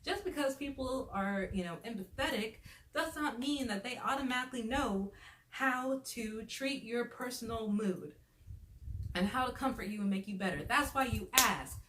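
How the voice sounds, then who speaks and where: A woman's voice: fairly high pitch, normal speed, fairly bright tone. A woman telling a storytime in a casual, chatty way, sounding fed up and leaning on "like" as she talks. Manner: chatty and exasperated, leans on "like" as a filler. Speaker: vlogger. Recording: roomy echo with faint noise.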